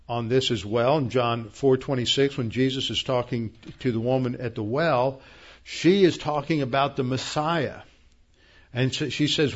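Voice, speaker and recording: A man preaching a verse-by-verse Bible lesson in a plain explaining tone, often pausing on fillers and restarting sentences. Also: medium pitch, muffled recording. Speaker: pastor. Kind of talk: Bible teaching sermon.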